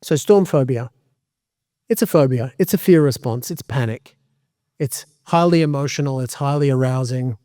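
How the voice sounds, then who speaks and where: A man giving a community talk as a dog trainer, lively and conversational with joking asides. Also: mid-range voice, moderate pace, dry recording, studio quality.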